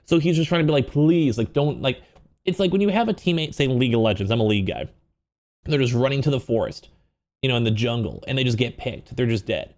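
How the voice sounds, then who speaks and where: A man's voice: medium pitch, very animated, fast talker, darkish tone. A man hosting casual drama commentary, talking in a rambling, emphatic way full of fillers.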